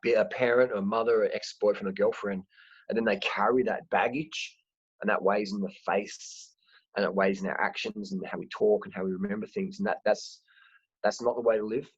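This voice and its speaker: A man's voice: fairly low pitch, steady tone, fairly quick, husky, no echo. A man hosting a casual chat, talking frankly and rambling with frequent restarts. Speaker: host. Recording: dry, dull lo-fi sound.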